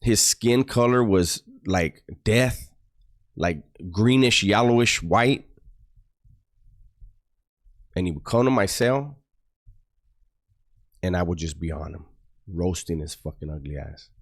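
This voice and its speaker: A man telling profane, animated stories about prison to his online audience. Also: low-pitched. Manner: animated, profane, mock-disgusted storytelling. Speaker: YouTuber recounting prison stories. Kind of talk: casual storytelling to a livestream audience.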